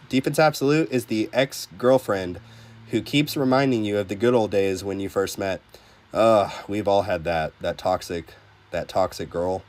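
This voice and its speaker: A man with a fairly low voice hosts a relaxed game livestream. He reads viewer comments aloud and answers them in a chatty, joking way. He often stumbles and restarts his sentences. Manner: laid-back, chatty, joking, with frequent restarts. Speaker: gaming livestreamer.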